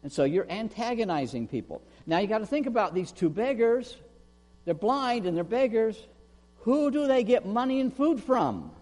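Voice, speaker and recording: A male pastor preaching a sermon, asking the congregation questions and loudly acting out the words of the people in his story. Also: high-pitched, normal speed, in a large hall. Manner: animated preaching, asks the audience questions, acts out quotes loudly.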